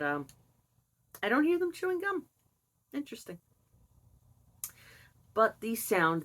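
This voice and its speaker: Older woman, casual personal storytelling, candid and animated, lowish pitch, bright forceful tone. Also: low-quality recording. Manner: candid, animated, some sighing and laughing asides. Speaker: vlogger sharing personal experience.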